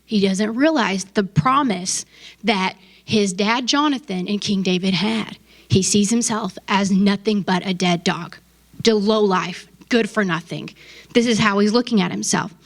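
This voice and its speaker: A woman's voice: mid-range voice, moderate pace. A woman pastor giving a casual sermon, conversational and emphatic, with asides to her listeners.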